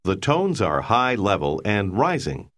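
A man narrating a language course, giving measured, explanatory prompts. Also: fairly low pitch, very animated, fairly bright tone. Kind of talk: scripted instructional narration.

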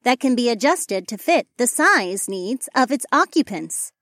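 A man's voice: extremely high pitch, sing-song, measured pace, sharp tone, no echo, studio quality, voice pushed up, exaggerated voice. A man voicing a robotic female AI assistant in an audiobook, formal and obliging, reciting facts in full. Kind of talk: audiobook character voice.

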